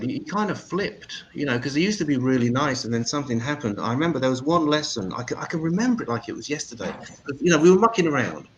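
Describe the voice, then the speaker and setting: A comedian doing stand-up as MC, delivering crude, sweary deadpan one-liners. His pitch swings up and down a lot as he talks. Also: slight background noise, low-quality recording.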